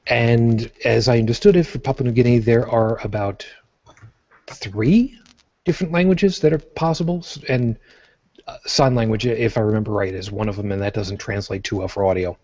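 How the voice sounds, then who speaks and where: A man's voice: mid-range voice, normal speed, a little mellow, highs cut off. A man from Brooklyn with a New York accent, hosting a casual podcast chat and rambling with many fillers and restarts. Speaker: podcast host.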